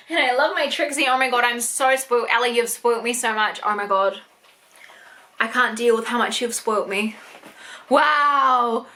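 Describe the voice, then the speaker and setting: A young woman in an unboxing vlog, gushing and excitable, swearing often as she opens gifts. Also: on the high side. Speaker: YouTuber.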